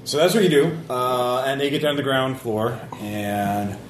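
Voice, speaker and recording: A man's voice: medium pitch, lively intonation, moderate pace, echoey room, slight background noise. A man narrating a tabletop game as game master, rambling with many fillers and restarts.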